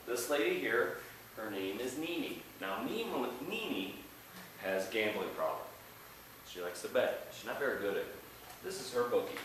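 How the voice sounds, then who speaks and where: A man teaching an art class, playful, shouting mnemonic chants with his students. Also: a little high, a little hiss or hum. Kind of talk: classroom lecture. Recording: echoey classroom from a distance.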